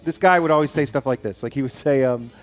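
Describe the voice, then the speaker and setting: A man chatting as a guest on a live show, rambling and telling animated stories with frequent laughs. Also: mid-range voice, fast, soft background music. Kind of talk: casual chat. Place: studio.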